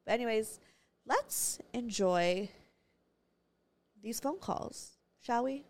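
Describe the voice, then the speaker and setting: Excitable, foul-mouthed woman podcast host. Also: mid-range voice. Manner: loud, excitable, swears freely. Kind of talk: casual solo podcast chat with swearing.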